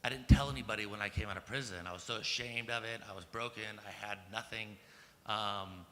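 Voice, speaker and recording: A man's voice: on the low side, steady tone, a little fast, bright, forceful tone. A man in his thirties from the United States gives a personal storytelling talk at a conference. He speaks casually, swears, and leans on "like" and "um" as he grows emphatic. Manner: casual and profane, heavy use of "like" and "um". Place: large conference hall. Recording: long hall reverb with faint ambience.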